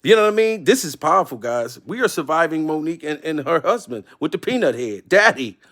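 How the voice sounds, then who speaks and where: A man giving casual, joking reaction commentary on a clip, animated and emotional. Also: a little high, brisk.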